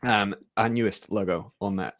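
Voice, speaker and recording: A man's voice: fairly low pitch, fairly even intonation, normal speed, fairly bright tone, dry recording. A British man speaking as a webinar guest over a video call, dry and understated, with many small fillers. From Britain. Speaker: guest, company founder. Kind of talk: casual webinar chat.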